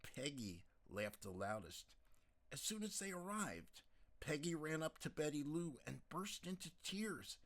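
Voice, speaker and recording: A man reads a novel aloud in a calm, measured way, taking his time over every sentence. His middling voice rises and falls in lively, expressive curves. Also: fairly high pitch. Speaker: narrator. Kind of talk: scripted audiobook narration.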